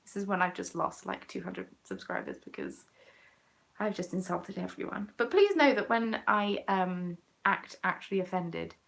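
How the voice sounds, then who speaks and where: A woman's voice: medium pitch, animated, normal speed, vocal fry, fairly bright tone. A young woman with an English accent, chatting casually and playfully as a crafting vlogger, often muttering asides under her breath. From England. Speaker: crafting vlogger hosting a chat. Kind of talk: casual chat.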